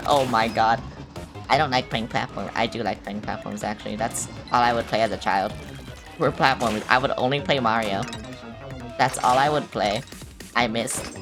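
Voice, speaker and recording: A woman's voice: extremely low pitch, moderate pace, music in the background. A young woman streaming a video game, talking casually to her viewers and a friend, swearing often and teasing herself. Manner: blunt, swears often, self-mocking. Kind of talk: casual live-stream chatter.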